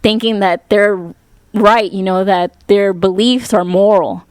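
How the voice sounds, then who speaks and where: A woman's voice: medium pitch, fairly even intonation, measured pace, darkish tone, clean tone, no echo. A woman co-hosting a podcast in casual discussion, asking searching questions with many "like" fillers. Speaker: podcast co-host.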